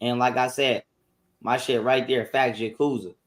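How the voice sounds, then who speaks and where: A man's voice: mid-range voice, level tone, normal speed. Profane, defensive man ranting. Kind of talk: ranting livestream.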